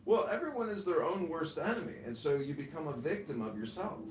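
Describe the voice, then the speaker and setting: Male streamer host, lively and teasing, recorded far off in an echoey room. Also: fairly high pitch, brisk. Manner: teasing, mocking. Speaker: livestream host. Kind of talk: casual livestream chat. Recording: echoey room, far from the mic, faint noise.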